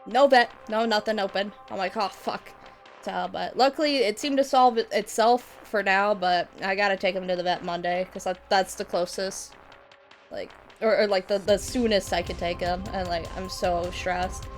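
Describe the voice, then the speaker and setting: A woman's voice: medium pitch, steady tone, normal speed. A woman streamer chatting casually, rambling with lots of laughter and swearing. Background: metal music.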